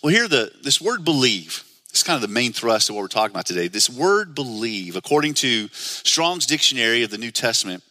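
A man's voice: medium pitch, big pitch swings, fairly quick, bright, forceful tone, no room sound. A man preaching a sermon in an earnest, conversational way, asking the listeners many questions. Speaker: pastor.

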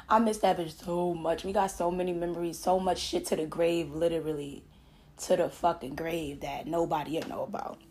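This late-twenties podcast host has a lowish voice and tells her story in a loose, animated style peppered with profanity and frequent laughter.

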